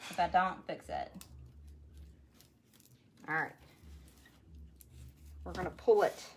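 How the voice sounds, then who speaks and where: A woman's voice: fairly low pitch, huge pitch swings, takes it slowly, slight background noise. A woman hosting a casual live craft stream, chatting to viewers and laughing often. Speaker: craft livestream host.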